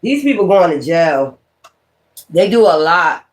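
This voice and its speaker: With a high, sing-song voice at a measured pace, a male tarot reader delivers a confrontational, profanity-laced livestream rant, circling back over the same points.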